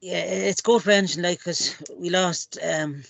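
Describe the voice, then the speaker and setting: A man's voice: sits high, fairly even intonation, a little slow, vocal fry, a bit bright, no echo. A man hosting a casual chat, affable, thanking co-hosts and passing the conversation on. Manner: affable, hands over to guests. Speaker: podcast host.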